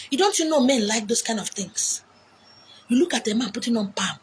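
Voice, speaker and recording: A woman with a Nigerian accent delivering an animated, preaching monologue, acting out quotes with big swings in pitch and loudness. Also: a little fast. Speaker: self-styled spiritual messenger. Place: beach, outdoors. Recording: faint background noise, outdoors.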